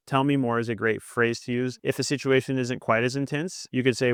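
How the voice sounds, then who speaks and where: Fast-talking man coaching couples. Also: medium pitch, clean tone, no echo, studio quality. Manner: calm, coaching, models soft reflective replies. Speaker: podcast co-host. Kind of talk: teaching conversation on marriage.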